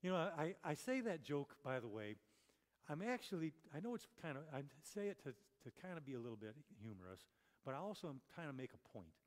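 A man's voice: fairly high pitch, sing-song, a little fast. A man preaching a conversational sermon, chatty and full of rhetorical questions and self-corrections. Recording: long reverb of a large hall.

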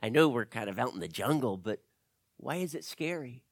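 A man's voice: medium pitch, lively intonation, a little fast. A man voicing a curious young girl in a told story.

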